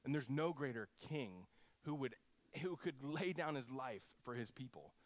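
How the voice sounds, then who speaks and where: A man preaching a sermon as a pastor, in an animated, conversational way, acting out quotes. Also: medium pitch, moderate pace, no echo. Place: church.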